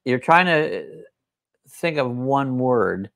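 Brief: male co-host, casual live-stream banter, gravelly texture, dry close sound. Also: mid-range voice, animated, slow pace, a bit bright, no echo. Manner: chatty, playful, sing-song repeating of words. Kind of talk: casual chat.

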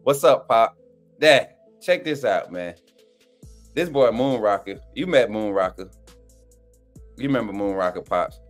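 A man's voice: on the low side, lively intonation, unhurried, pauses often, faint music behind. Laughing, slangy male live-stream host. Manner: loose, slangy, keeps breaking into laughter. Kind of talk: casual live-stream chat.

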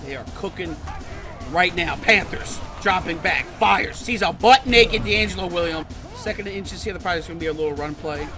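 A man doing excited gameplay commentary for his channel, swinging between muttered play-by-play and outbursts of shouting and cursing. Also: high voice, a little fast. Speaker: gaming channel host. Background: game music.

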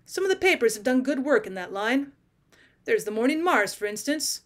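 A woman reading as a quiet, thoughtful male detective. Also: on the high side, sing-song, normal speed. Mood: earnest.

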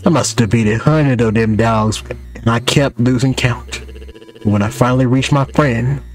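A man voicing a boastful old male cat who spins long, drawn-out tales of his battles. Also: mid-range voice, close to an everyday voice. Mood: boastful storytelling.

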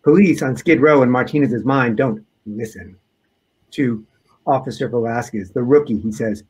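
Give me a man with a husky, mid-pitched voice reading his own book aloud, measured and deliberate. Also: a little mellow, poor audio. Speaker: author.

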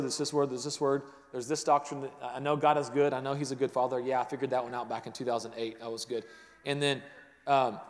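A man preaching a sermon to a congregation, moving between hushed, intimate passages and rising emphatic ones, often restarting his words. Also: mid-range voice, big-room sound. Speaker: pastor. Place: large church sanctuary.

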